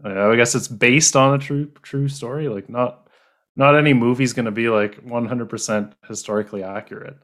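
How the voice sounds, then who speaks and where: A man from Canada co-hosting a casual chat. He speaks haltingly, restarts often and laughs easily. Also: mid-range voice, fairly even intonation, fairly bright tone. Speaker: co-host.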